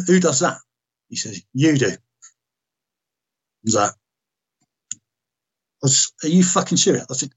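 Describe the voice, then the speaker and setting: A man's voice: medium pitch, fairly bright tone, slightly rough, rough recording. A man, a former soldier, telling a story bluntly, swearing often and acting out the dialogue he remembers. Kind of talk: candid storytelling in conversation.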